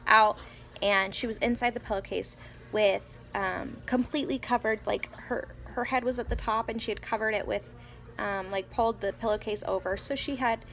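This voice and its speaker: Her voice sits in the mid range, with fairly even intonation and a moderate pace, as this young mom of three little ones tells a casual, meandering vlog story packed with fillers and false starts. She whispers softly whenever she repeats her child's words, and music plays faintly in the background.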